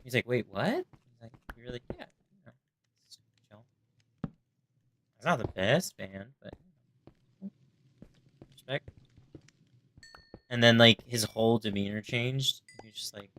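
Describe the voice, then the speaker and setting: A man's voice: medium pitch, expressive, measured pace, pauses often, a bit bright, a little hiss or hum. A young man livestreaming a game, chatting to his viewers and rambling through stories where he acts out the people he quotes. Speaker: gaming livestreamer. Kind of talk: casual chat while gaming.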